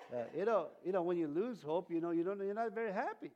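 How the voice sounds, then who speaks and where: A man with a high, light voice preaches a loose, conversational sermon in a church. He rambles, restarts his sentences and chuckles at his own jokes. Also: dull audio. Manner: rambling, self-interrupting, chuckling often. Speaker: pastor. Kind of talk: informal sermon.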